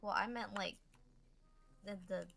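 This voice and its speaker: Gravelly woman fumbling for words. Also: mid-range voice, fairly even intonation, a crowd in the background. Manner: halting, searching for words. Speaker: player. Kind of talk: casual tabletop game chat.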